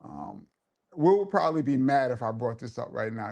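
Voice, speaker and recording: A man's voice: medium pitch, moderate pace, vocal fry, a little mellow. A man hosting a live show and telling a laid-back, laughing story in casual street slang. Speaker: host and DJ.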